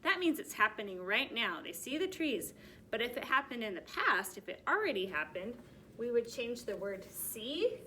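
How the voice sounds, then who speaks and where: Lively, bright-voiced woman teacher. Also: on the high side, a little hiss or hum. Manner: slow, clear, encouraging teacher talk. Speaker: first grade teacher. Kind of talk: recorded classroom lesson.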